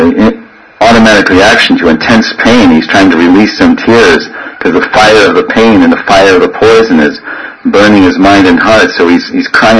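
A man's voice: on the low side, a bit bright, a little hiss or hum, rough recording. A man giving an informal devotional class, telling meandering stories and mimicking the cries of children and dogs. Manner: rambling storyteller, imitates crying children and yelping dogs. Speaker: spiritual teacher. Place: living in a holy town in India.

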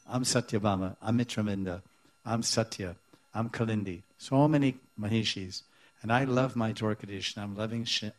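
Man giving a devotional lecture, lowish voice. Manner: explanatory, halting, with many Sanskrit terms and restarts. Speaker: spiritual teacher.

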